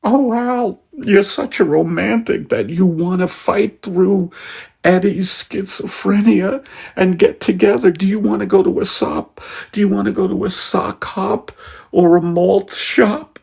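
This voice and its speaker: A man voicing Margaret, a fussy, emotional woman, in a high, melodramatic sketch voice. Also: unhurried, creaky, darkish tone, breathy edge, full character voice. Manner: high, fluttery and melodramatic, with rising swoops.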